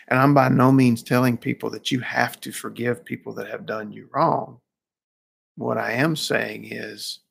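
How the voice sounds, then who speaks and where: A man's voice: medium pitch, creaky, breathy edge. A man who works as a counselor gives a reflective talk and tells a story, with frequent restarts.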